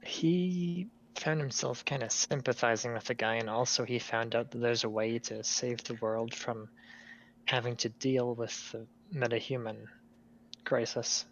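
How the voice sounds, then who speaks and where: Calm man with a muffled sound. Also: mid-range voice, a little slow. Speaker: player. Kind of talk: casual tabletop play.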